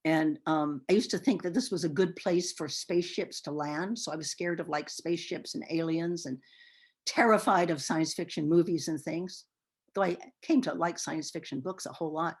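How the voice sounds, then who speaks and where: An older woman telling her life story in an oral history interview, expressive and animated, often pausing with fillers. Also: low-pitched, husky.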